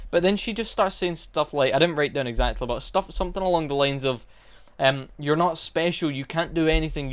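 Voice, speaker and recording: A man's voice: on the high side, clear, resonant tone. A young man casually reviewing a movie, exasperated and mocking, rambling with fillers.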